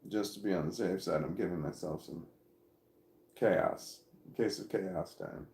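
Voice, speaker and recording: A middle-aged man chatting casually on a livestream from home, reading viewers' comments aloud and rambling with halting restarts. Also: low voice, creaky, a little mellow, roomy sound.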